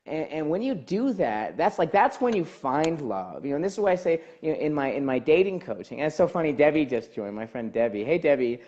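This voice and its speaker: A man hosts a casual podcast talk and speaks as a life coach. His pitch jumps around a lot while he rambles and restarts. The sound is dull and a little lo-fi. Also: fairly quick, few pauses. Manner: animated, rambling, frequent fillers and restarts. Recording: dull lo-fi audio.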